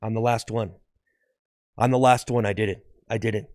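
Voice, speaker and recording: A man voicing a smug male volcano that gloats about erupting last, in a low, sighing way in an improvised sketch. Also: steady tone, moderate pace, darkish tone, no echo, studio quality, lightly acted. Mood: gloating.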